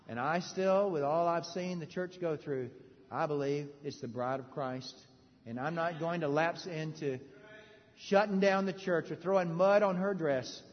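High-voiced man preaching in a reverberant hall. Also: a little slow. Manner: animated preaching with sudden loud bursts and hushed drops; joking, conversational asides to the audience. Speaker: pastor. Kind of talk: sermon. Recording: reverberant hall, dull lo-fi sound.

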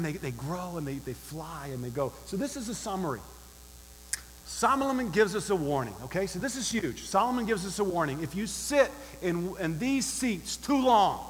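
High-voiced pastor preaching in a reverberant hall. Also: male voice, a bit bright. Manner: emphatic, rhetorical questions, direct address. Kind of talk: sermon.

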